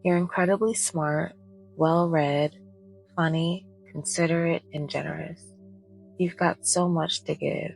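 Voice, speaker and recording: A woman reading the lines of a tender, sorrowful male imaginary friend in a soft-spoken bedtime story. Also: low-pitched, fairly even intonation, measured pace, creaky, soft background music, poor audio.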